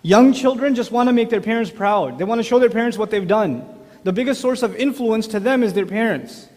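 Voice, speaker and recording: A man's voice: high-pitched, brisk, a little mellow, big-room sound. A man giving a religious talk on parenting, chatty, asking the audience questions. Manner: conversational, with rhetorical questions to the audience. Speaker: speaker on parenting.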